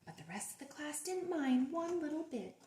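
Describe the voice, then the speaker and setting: A woman reading a picture book aloud at a library storytime, gentle and sing-song, asking her young listeners questions. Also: sits high, big pitch swings, moderate pace, a little hiss or hum. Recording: roomy echo.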